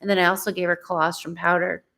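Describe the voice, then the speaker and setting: A woman co-hosting a casual live stream from her ranch, chatting warmly and now and then breaking into playful sing-song calls. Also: on the low side, level tone, fast talker, gravelly. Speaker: ranch owner, livestream co-host. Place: ranch home, indoors.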